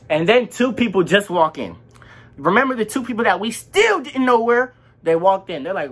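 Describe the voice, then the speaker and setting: A young man in his teens telling a casual storytime vlog, animated and slangy, acting out what everyone said. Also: high voice, a little fast, breathy edge. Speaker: vlogger.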